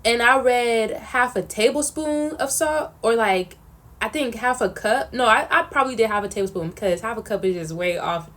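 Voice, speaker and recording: Young woman vlogger, casual and animated storyteller. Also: a little high, moderate pace. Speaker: vlogger answering questions. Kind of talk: casual chat.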